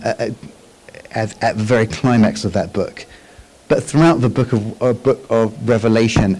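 A man's voice: lowish voice, darkish tone, low-quality recording. A man giving a conversational Bible teaching with slides, often checking in with listeners and restarting his phrases. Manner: chatty, frequent tag questions and restarts.

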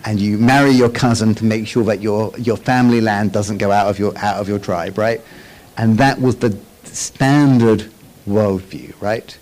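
A man's voice: lowish voice, steady tone, normal speed, darkish tone, poor audio. A man giving a conversational Bible teaching with slides, often checking in with listeners and restarting his phrases. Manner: chatty, frequent tag questions and restarts.

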